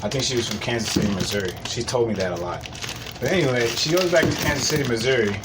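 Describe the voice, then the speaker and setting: A man's voice: medium pitch, fast, heavy background noise. A man hosting a podcast, telling rambling, profane stories and laughing at them. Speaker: podcast host. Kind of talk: casual storytelling monologue. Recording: loud hip hop music behind the voice.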